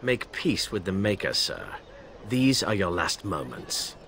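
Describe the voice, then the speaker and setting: A stern, proud game knight. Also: male voice, low voice, very animated, a little slow, background noise, full character voice. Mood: solemn. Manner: formal, stiff, honor-bound. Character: proud, stern male knight seeking a duel. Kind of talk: video game dialogue.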